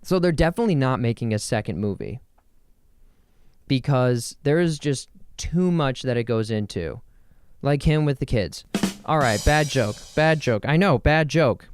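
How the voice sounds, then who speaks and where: Rambling, jokey man with a smooth voice. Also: mid-range voice, lively intonation, moderate pace, no echo, studio quality, faint music behind. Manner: rambling and jokey, spells words aloud. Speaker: podcast host. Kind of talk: casual solo podcast chat. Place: home in New Jersey.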